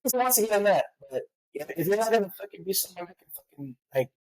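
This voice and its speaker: A woman's voice: medium pitch, expressive, fast, darkish tone, low-quality recording. A woman telling stories in a casual chat, profane and acting out the voices of people she quotes.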